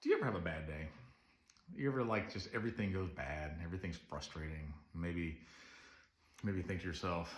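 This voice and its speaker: A man's voice: deep voice, brisk. A man telling a rambling, earnest story straight to camera in a casual confessional monologue. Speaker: vlogger. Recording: roomy echo.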